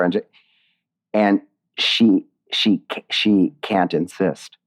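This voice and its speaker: Man, middle-aged, very low voice, emotional talker who restarts sentences, interview guest. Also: very slow. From United States. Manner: animated, emotional storytelling with many restarts. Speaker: guest, playwright and lyricist. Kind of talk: conversational interview.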